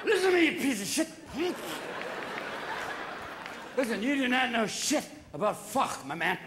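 A man's voice: extremely high pitch, sing-song, normal speed, echoey room, noisy background, pitched above the performer's own voice. A comedian playing a belligerent drunk man at a bar, talking slurred and aggressive before a laughing crowd. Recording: live theater audience laughing.

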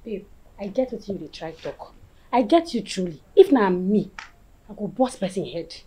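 A Nigerian actress playing a loyal friend who pleads and soothes, mixing in Pidgin. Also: female voice, mid-range voice, expressive, moderate pace, dark tone, husky, rough recording. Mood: pleading. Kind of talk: film acting.

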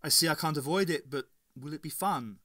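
A man's voice: fairly high pitch, a little fast, fairly bright tone, no echo, clean studio sound. A man reading a wry, questioning young man.

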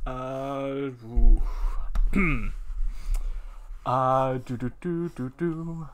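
A man's voice: medium pitch, steady tone, drawn-out words. A young man reading computer-written stories aloud at his home desk, with amused, giggly asides that trail off. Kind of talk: casual reading with commentary. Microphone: home mic without pop filter.

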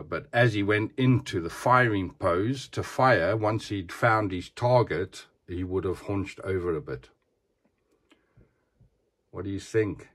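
A man chatting casually as he shows off an action figure, often asking the viewer "eh?". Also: low voice. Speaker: action figure collector showing a figure. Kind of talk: casual show-and-tell vlog.

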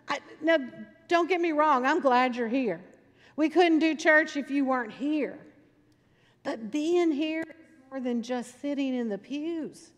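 This sermon comes from a woman pastor with a slightly high voice, speaking in a chatty, story-driven style and stressing her points through repetition. The long reverb of a church sanctuary surrounds her words.

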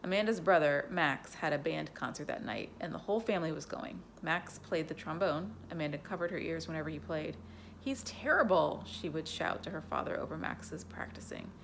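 A woman at home reading a bedtime story aloud, gentle and casual, with asides to the listener. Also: deep voice, brisk, gravelly, few pauses, slight background noise.

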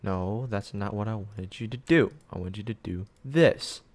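A young man playing a strategy game at his computer, casually commenting as he swears at it, pleads with it and shouts when things go wrong. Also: fairly low pitch, moderate pace. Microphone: desk mic.

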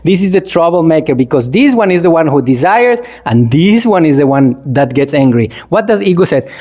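A Buddhist monk gives a playful dharma talk to a congregation in non-native English, chuckling often and putting questions to his listeners. His voice is fairly high and dark-toned, with big pitch swings, a fairly quick pace, and hardly any pauses.

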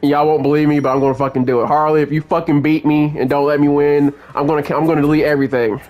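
Over game music, a young channel host delivers gameplay commentary full of angry, profane ranting at the game. His pitch is fairly high, his delivery flat, and his pace quick, though the recording is muffled.

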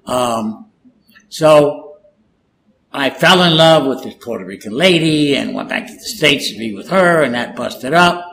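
A man's voice: mid-range voice, unhurried, gravelly, low-quality recording. An older man, a native Spanish speaker, telling stories casually in an interview and acting out the people he quotes. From California. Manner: animated storyteller, acts out quoted dialogue. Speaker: guest, former war correspondent.

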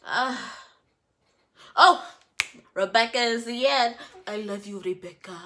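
A woman's voice: a little high, slow, long pauses. A woman recapping a reality TV episode in a casual, scolding way, mocking the people in it. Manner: animated, scolding, mocking the cast in put-on voices. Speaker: reality TV reviewer.

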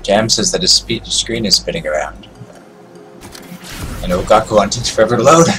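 A man's voice: on the low side, normal speed, low-quality recording. A man streaming a video game, giving casual commentary and taunting opponents as he plays. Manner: taunting, trash-talking opponents. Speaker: gaming streamer. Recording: game music loud behind voice.

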